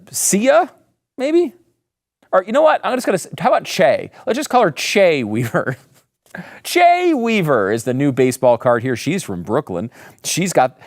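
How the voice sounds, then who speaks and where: A man's voice: fairly high pitch, creaky, no room sound, clean studio sound. A man hosting a political commentary show, talking in a sarcastic, mocking, emphatic way. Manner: emphatic, lively delivery. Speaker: host.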